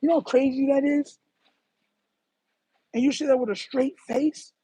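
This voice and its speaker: A young man chatting on a live stream, animated and repetitive, calling people "bro" as he talks to his chat while running errands. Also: extremely high pitch, moderate pace, dry recording, low-quality recording. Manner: animated, repeats himself, says "bro" a lot.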